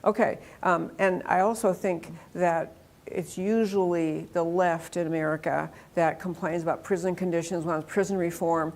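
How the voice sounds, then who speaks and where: A woman's voice: fairly low pitch, fairly even intonation, moderate pace, a little mellow. A woman hosting an interview show, earnest and affirming, who comments at length in a rambling way. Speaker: talk show host. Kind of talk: conversational interview.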